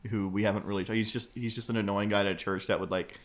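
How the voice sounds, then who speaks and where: A man's voice: on the low side, flat delivery, fast. A man co-hosting a podcast, recapping a film in an easygoing way and chuckling often. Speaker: podcast co-host. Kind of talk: casual podcast chat.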